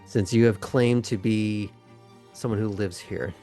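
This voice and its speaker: A man's voice: lowish voice, fairly even intonation, measured pace, warm tone, faint music behind. A man running a tabletop role-playing game as game master, putting questions to his players. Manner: guiding, asks players questions.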